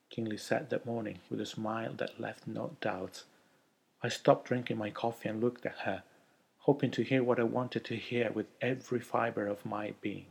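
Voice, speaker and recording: A man narrating a first-person story in a quiet, heartfelt way. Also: on the low side, measured pace, creaky, husky.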